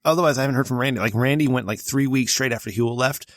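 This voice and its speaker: A man's voice: medium pitch, quick pace, no echo, clean studio sound. A man co-hosting a comedy podcast, brash and profane, ribbing his co-host. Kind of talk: casual comedic chat.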